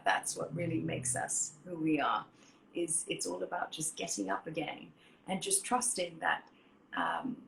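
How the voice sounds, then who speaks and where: A woman's voice: on the low side, creaky, a little hiss or hum. A woman hosting a casual chat show, talking earnestly and laughing as she tells stories. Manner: warm, earnest and laughing while telling stories. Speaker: host. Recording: roomy echo.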